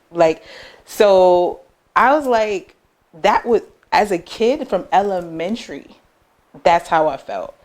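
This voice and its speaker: A young American woman, a business owner, chatting casually in an interview and telling lively personal stories, acting out the voices of people she quotes. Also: moderate pace. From United States. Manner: animated, acts out quoted voices with big pitch jumps.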